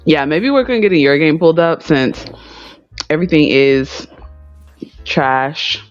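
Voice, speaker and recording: A woman's voice: sits low, lively intonation, measured pace, dry recording, highs cut off, faint music behind. A woman co-hosting a casual livestream from home, chatty and wry, laughing easily. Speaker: livestream co-host. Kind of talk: casual chat.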